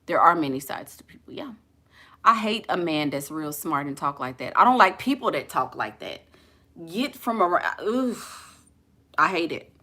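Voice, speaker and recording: A relationship coach with a deep voice and a New Orleans accent dishes out blunt, sassy advice in everyday, colloquial language. Her tone is sharp, her intonation lively, her pace moderate.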